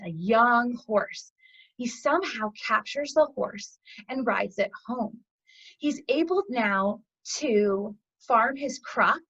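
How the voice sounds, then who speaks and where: A woman guest in an interview, telling a parable in a chatty, animated way with fillers, as a yoga teacher. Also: a little high, husky, lo-fi sound. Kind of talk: storytelling a parable in conversation.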